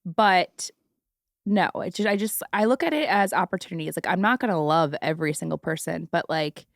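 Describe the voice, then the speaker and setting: A woman's voice: on the low side, lively intonation, fairly quick, vocal fry, no echo, studio quality. A woman in her thirties hosting a podcast, chatting casually and bluntly and laughing easily. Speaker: podcast host. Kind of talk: casual chat.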